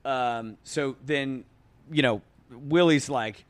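A man in his thirties spins a rambling, animated story on a podcast, his voice sitting at a mid pitch. He stacks up fillers and restarts, then jumps into louder voices for the people he quotes. The sound is dry and close, with no room echo. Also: slow pace. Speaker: podcast guest. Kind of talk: casual storytelling.

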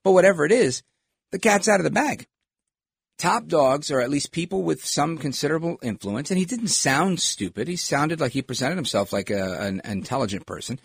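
A man's voice: on the high side, expressive, a little fast, vocal fry, slightly rough, no room sound. A middle-aged man hosting a talk show, giving rambling, opinionated political commentary with lots of digressions.

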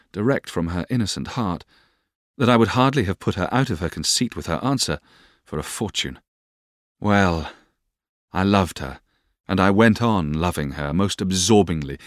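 A man narrating an audiobook in an expressive, lively reading style. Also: deep voice, no room sound, studio quality.

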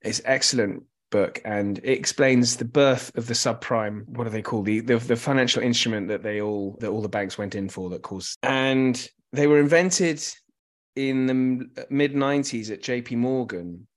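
A man's voice: medium pitch, normal speed, few pauses. A man co-hosting a film club discussion, talking casually and restarting his sentences often. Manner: rambling with many restarts.

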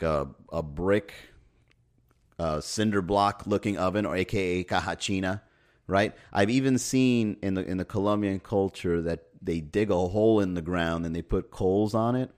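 A man hosting a podcast, talking in a wry, sarcastic comic monologue and laughing at his own jokes. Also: sits low. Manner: swears casually. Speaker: podcast host. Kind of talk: casual comedic podcast monologue.

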